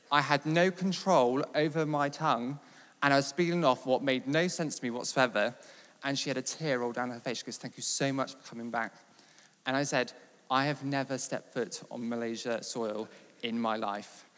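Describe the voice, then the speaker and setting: A man from England preaching and telling a testimony story, building from steady talk to loud, animated retelling. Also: mid-range voice, normal speed. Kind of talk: sermon testimony. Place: large church hall. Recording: long reverb of a large hall.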